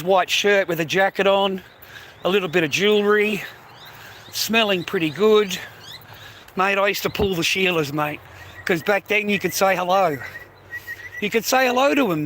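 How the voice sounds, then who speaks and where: Aussie guy ranting at his stream, swears a lot, high bright voice, keeps saying mate. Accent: Australian. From Australia. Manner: sweary, repetitive, blokey. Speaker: livestreamer. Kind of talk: rambling rant to viewers.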